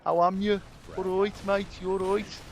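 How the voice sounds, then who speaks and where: A man putting on a high mock Midlands bloke. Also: level tone, normal speed, darkish tone, slight background noise. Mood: jokey. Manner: exaggerated mock accent. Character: jokey Midlands bloke greeting a mate.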